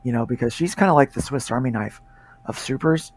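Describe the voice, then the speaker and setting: A man's voice: mid-range voice, a little fast, darkish tone, slight background noise. A man, a comic creator and pastor, chatting casually as a guest and rambling with lots of fillers. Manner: laid-back, rambling with many fillers. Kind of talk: casual livestream chat.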